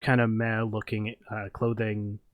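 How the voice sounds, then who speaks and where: A man's voice: fairly low pitch, monotone, measured pace, no room sound, phone-quality sound. Man narrating as game master, loose and rambling. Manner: loose, filler-heavy narration.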